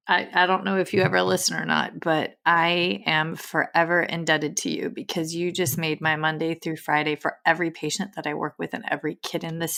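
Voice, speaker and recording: A woman hosting a podcast, talking with emotion and animated storytelling, often laughing. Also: low-pitched, gravelly. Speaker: podcast host. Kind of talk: casual podcast interview.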